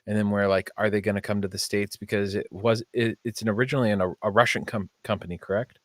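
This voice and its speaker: Lower-voiced man in casual podcast chat. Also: steady tone, quick pace, no echo. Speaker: podcast co-host.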